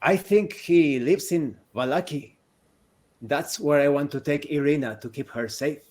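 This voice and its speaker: A man voicing an earnest young nobleman who gives slow, measured warnings. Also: on the high side, darkish tone.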